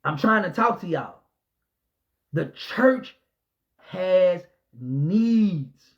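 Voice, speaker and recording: A man with a very high voice preaches in a heated rant, hammering his points by repeating them. He jumps from loud shouted declarations down to low muttered remarks. The recording sounds dull and lo-fi. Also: lively intonation, drawn-out words. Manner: repetitive, emphatic, call-out delivery. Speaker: pastor. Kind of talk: impassioned preaching rant to camera.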